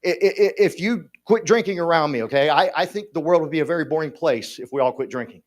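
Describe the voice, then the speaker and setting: A man gives a motivational talk at a conference. His voice sits a little high, and he speaks in a folksy, joking way, talking straight to the audience. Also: fast. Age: 50s. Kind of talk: motivational speech. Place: conference hall.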